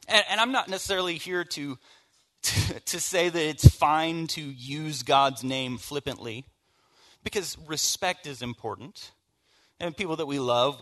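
Southern guy preaching, bright voice, chatty then goes quiet and low for the heavy bits. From American South. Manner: storytelling, conversational, shifts from hushed to emphatic. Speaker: pastor. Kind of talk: sermon.

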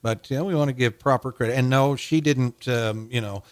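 A man in his sixties from Missouri, co-hosting a casual podcast, talking in a rambling, halting way with frequent chuckles. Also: mid-range voice, clean tone, dry recording. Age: 60s. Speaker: podcast co-host. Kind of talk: casual chat.

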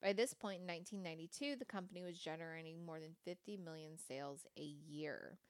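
A woman's voice: sits low, fairly quick, no echo. A woman podcast host reading a company history aloud, breaking off for casual, wry asides and the odd swear word. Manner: conversational, swearing, wry asides between read passages. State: has the hiccups.

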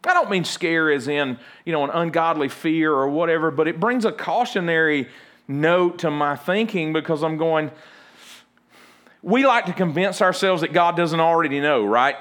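Man preaching, high voice, folksy and joking, acts out scenes. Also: moderate pace, fairly bright tone. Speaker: pastor. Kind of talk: sermon.

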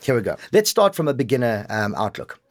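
A man's voice: mid-range voice, sing-song, fairly quick, dry recording, clean studio sound. A man who coaches voiceover, talking animatedly in a casual interview and slipping into example voices.

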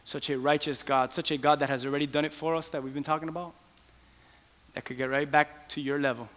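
A man preaching a sermon with impassioned pleas that rise toward shouting. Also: on the high side, fairly even intonation, fast. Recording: long hall reverb.

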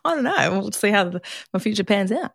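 A woman's voice: medium pitch, big pitch swings, quick pace, vocal fry, breathy edge, no room sound. Young woman, podcast co-host, laughs easily, dry close mic. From Australia. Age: young adult. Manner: giggly, reactive. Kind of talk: casual podcast chat.

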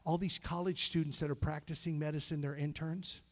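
A middle-aged male pastor telling a personal story in a sermon, swinging between hushed near-whispers and loud emotional peaks. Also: a little high, level tone, a little fast.

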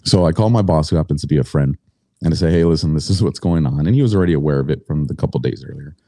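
A man's voice: rumbling low, rapid-fire, dark tone, no room sound, clean studio sound. A middle-aged man telling his story as a podcast guest, blunt and indignant, swearing freely.

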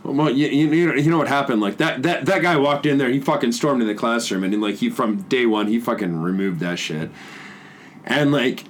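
A man co-hosting a casual podcast, telling a profane, animated story and acting out his own shouts. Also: medium pitch, moderate pace. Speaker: podcast co-host.

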